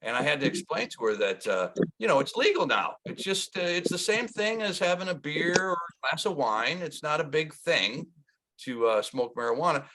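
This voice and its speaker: A man in his sixties from Wisconsin, doing a rambling stand-up set with lots of halting pauses and restarts. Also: fairly high pitch, very animated, pushed and bright, slight background noise. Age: 60s. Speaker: stand-up comedian.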